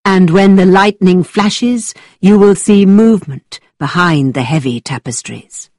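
A woman plays a playful young gentleman spinning a spooky tale in a lowered, dramatic voice. He takes his time over every phrase, close and dry. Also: no echo. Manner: low, slow and dramatic.

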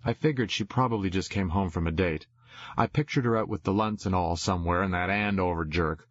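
A man's voice: deep voice, fairly quick, no echo. A man giving a wry, rambling first-person audiobook narration on a dull lo-fi recording. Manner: wry, rambling confessional delivery.

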